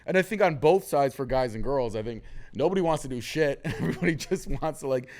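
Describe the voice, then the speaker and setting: A man hosting a casual podcast conversation, candid and storytelling, lively when he quotes others. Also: medium pitch, fairly quick.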